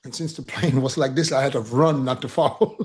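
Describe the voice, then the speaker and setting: A man telling a long personal story in casual podcast chat, animated and profane, often laughing. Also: mid-range voice, fairly quick, slightly rough.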